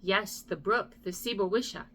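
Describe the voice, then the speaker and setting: Reading a poem as a bedtime story, a middle-aged woman stumbles over the difficult names, stopping to apologize and make self-deprecating jokes. Her voice is mid-range and fairly bright, her pace moderate, and there's slight background noise.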